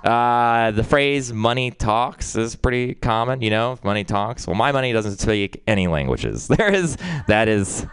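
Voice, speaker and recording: A young man doing a rambling, self-deprecating open mic stand-up set, jumping up in pitch for punchlines. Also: big pitch swings, a little slow, hardly any pauses, a bit bright, clean tone, dry recording. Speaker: stand-up comedian.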